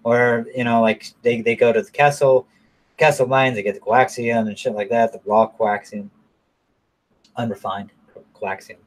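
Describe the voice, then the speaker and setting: A man talks through a film's plot in a loose, rambling way, swearing constantly and stumbling over fillers and restarts. His voice sits at an ordinary middle pitch. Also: fairly even intonation, moderate pace. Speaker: movie reviewer. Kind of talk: casual rambling movie recap.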